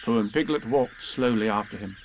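A man reading a children's storybook aloud with slow, expressive narration. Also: lowish voice, slight background noise.

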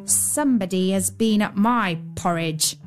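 A middle-sized male bear speaks in a plain, even storybook voice, put on by a woman narrator. Faint fiddle music plays underneath. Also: medium pitch, unhurried, natural voice. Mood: puzzled.

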